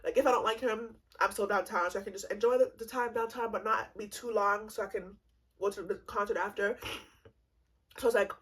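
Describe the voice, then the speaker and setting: A woman in her twenties telling a comedic storytime, animated and swearing freely, laughing often. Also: mid-range voice, brisk, husky, low-quality recording. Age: 20s. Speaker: vlogger.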